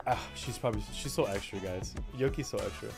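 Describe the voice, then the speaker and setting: A man's voice: on the low side, fast, gravelly, breathy edge, faint music behind. A young man livestreaming, chatting casually and teasing his chat with playful mock rants.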